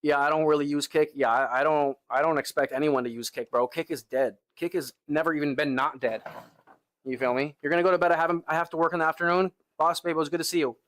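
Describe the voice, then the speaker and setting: A young man live-streams from the gym, chatting laid-back with his viewers between lifts and saying "bro" and "like" a lot. His arms are tired from lifting and he sighs between sets. His voice is on the high side and fairly bright, with fairly even intonation and a quick pace.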